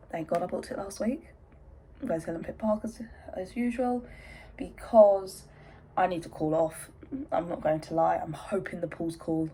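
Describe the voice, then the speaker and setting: A young woman from England vlogs from her bedroom, chatty and rambling, often interrupting herself, and breathless from hay fever. Her voice is fairly low with a dark tone, and the low-quality recording has slight background noise.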